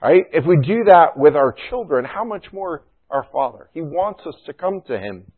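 A man's voice: a little high, big pitch swings, normal speed, husky. A middle-aged man pastor preaching a sermon in a conversational way, often adding "you know" and "right?". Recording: thin phone-like sound.

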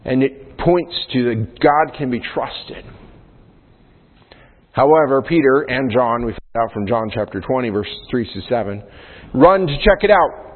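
A man's voice: medium pitch, expressive, a little slow. A male pastor preaching a sermon in a conversational way, often checking in with "right?" as he explains Scripture. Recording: phone-like sound in a long-reverb hall.

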